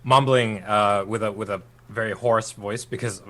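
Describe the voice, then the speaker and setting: A man's voice: lowish voice, steady tone, normal speed, pushed and bright. A man playing in a tabletop game, chatting casually and often laughing between remarks. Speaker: player. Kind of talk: casual chat.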